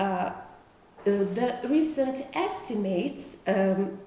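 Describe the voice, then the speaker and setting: A woman, a Russian native speaker, giving a university video lecture in English, explaining slowly with many hesitations and fillers. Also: fairly high pitch, a little mellow. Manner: slow, careful explaining with frequent hesitations. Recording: echoey room, mic at a distance, faint noise.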